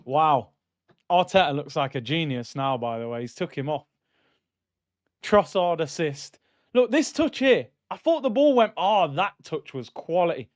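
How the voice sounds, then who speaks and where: A man hosting a live football watchalong, ranting and bantering and shouting when goals go in. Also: a little high, animated, measured pace, dry recording. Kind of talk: live match watchalong commentary.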